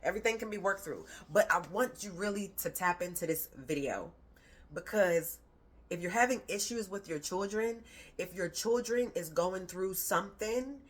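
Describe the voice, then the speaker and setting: A woman's voice: mid-range voice, lively intonation, moderate pace, husky. A woman parenting coach giving a casual, conversational talk to camera, emphatic and slangy, with playful rhyming asides.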